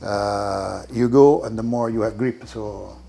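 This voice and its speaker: A man with an Italian accent, a car collector giving a tour of his garage and talking in halting English with many restarts. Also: on the low side, creaky, warm tone. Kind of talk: casual interview while walking a car collection. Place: indoor garage.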